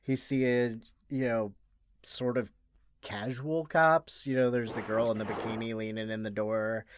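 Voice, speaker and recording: A man co-hosting a podcast, chatting casually about a film in a rambling, halting way with many restarts. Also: medium pitch, fairly even intonation. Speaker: podcast co-host.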